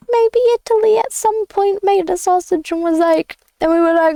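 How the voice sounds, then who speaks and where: A woman's voice: very high voice, moderate pace, gravelly, few pauses, warm tone, no echo, clean studio sound. A woman, chatting casually on a livestream while drawing, rambling playfully with jokey asides. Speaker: streamer.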